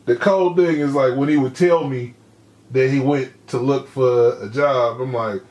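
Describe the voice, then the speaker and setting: A man's voice: medium pitch, a little slow, a little mellow. A man in casual podcast chat, telling a story in a wry, amused way. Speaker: podcast co-host. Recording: echoey room.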